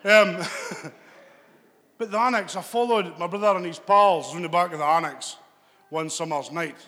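A man's voice: sits high, normal speed, bright, forceful tone. A Scottish man doing a stand-up comedy set, chatty and rambling, teasing people in the crowd. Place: live venue with audience. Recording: long reverb from a hall.

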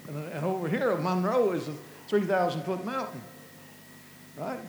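A man's voice: sits high, animated, normal speed, roomy sound, slight background noise, low-quality recording. A man from Kentucky with an Appalachian accent, giving an impassioned sermon-style talk, repeating words and restarting as his voice rises with feeling. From Kentucky, USA.

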